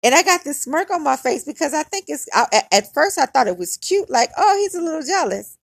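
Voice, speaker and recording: A woman's voice: sits high, sing-song, a little fast, vocal fry, dry recording. A woman telling a personal story on her podcast in a candid, conversational way, with lots of "like". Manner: candid and conversational, heavy use of "like".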